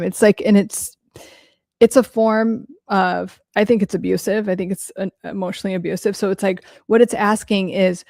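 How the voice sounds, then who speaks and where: A woman hosting a casual live Q&A and answering viewers' questions. She talks bluntly, with lots of "like" and restarts. Her mid-range voice has a gravelly edge, and the dry, close sound has no room echo. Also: mid-range voice, fairly even intonation, normal speed, darkish tone. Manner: blunt, frank, heavy use of "like". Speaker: host and psychology coach.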